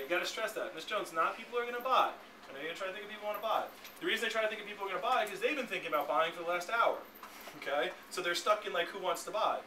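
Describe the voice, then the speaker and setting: Brisk fast-talking male sales trainer. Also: high voice. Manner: brisk, keeps checking in with the room. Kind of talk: classroom sales training talk. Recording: echoey, distant, noisy room recording.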